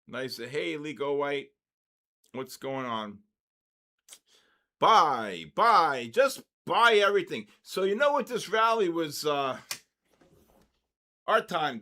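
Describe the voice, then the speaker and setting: Older male stream host, a bit high-pitched, upbeat and chatty, calls out viewers by name. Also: fairly bright tone. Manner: upbeat, greets viewers by name in quick bursts. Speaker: host of a live trading session. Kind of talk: casual live-stream chat.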